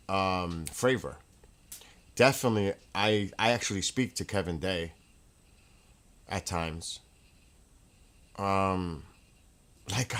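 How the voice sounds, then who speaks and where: Rambling, excitable man host, low-ish voice. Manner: rambling, excitable storytelling with laughter. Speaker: livestream host. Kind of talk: casual chat. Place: at home.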